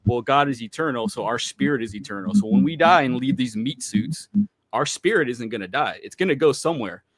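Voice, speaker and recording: A man's voice: mid-range voice, expressive, brisk, low-quality recording. Earnest man making his case on a call. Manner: earnest, persuasive, repeats himself and asks "you know what I'm saying?". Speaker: guest on a livestream debate. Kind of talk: casual debate, explaining beliefs.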